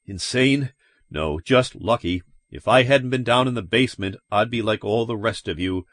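A man's voice: lowish voice, normal speed, fairly bright tone, dry recording, clean studio sound. A man voicing a tense, urgent middle-aged husband and father in an audiobook, talking in an insistent, commanding way. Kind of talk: audiobook character voice.

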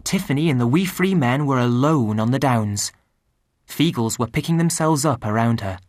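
A woman narrating a storybook with an expressive, animated delivery that rises and falls through the story. She sits close to the mic, and the sound is dry with no room around it. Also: extremely low pitch, moderate pace, no echo. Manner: expressive, lively reading. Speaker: audiobook narrator.

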